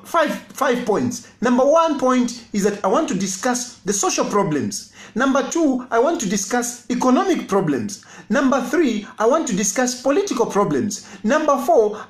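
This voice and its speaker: A man's voice: very high-pitched, reverberant. A Zambian man, an opposition party leader giving a political address, emphatic and repeating his phrases with rhetorical questions.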